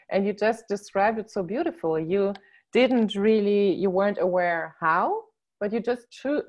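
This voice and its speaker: A woman's voice: mid-range voice, a little mellow. A woman hosting a casual call, enthusiastic and affirming as she sums up what her guest said. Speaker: host.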